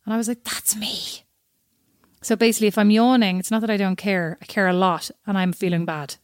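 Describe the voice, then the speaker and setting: A woman's voice: medium pitch, steady tone, quick pace, no echo, studio quality. A woman in casual chat as co-host, talking freely and acting out quoted voices. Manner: chatty, acts out quoted voices.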